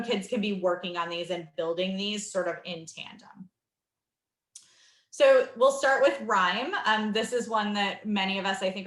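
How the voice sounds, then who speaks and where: A woman's voice: mid-range voice, a bit bright, reverberant. A young adult woman giving a webinar talk to teachers, explaining with many ums and modeling classroom prompts. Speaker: reading instruction presenter. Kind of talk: webinar training presentation.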